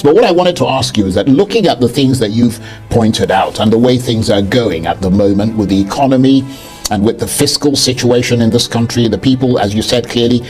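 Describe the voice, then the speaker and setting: A man interviewing in a measured, hesitant way. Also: medium pitch, darkish tone. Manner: measured, hesitant, full of fillers. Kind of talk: broadcast interview.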